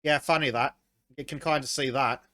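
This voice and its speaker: A man hosting a podcast, chatting in an excitable way with stumbling restarts. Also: mid-range voice, moderate pace. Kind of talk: casual chat.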